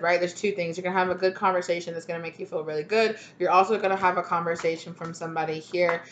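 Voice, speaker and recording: A woman's voice: fairly low pitch, steady tone, quick pace, few pauses, a little hiss or hum. Chatty woman giving a tarot reading. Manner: chatty, rambling, full of fillers and restarts. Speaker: tarot reader. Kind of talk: casual tarot reading to camera.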